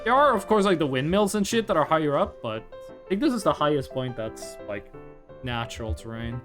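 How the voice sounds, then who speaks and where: Chatty streamer with lively, swinging pitch. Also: brisk, over music. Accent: American-sounding. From Norway. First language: Norwegian. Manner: rambling, chatty, full of likes. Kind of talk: casual gameplay commentary.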